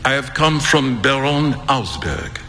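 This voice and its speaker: A man doing a courteous old French gentleman. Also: mid-range voice, animated, measured pace, in a large hall, a little hiss or hum. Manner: formal, courteous. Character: polite old French gentleman, gray-haired.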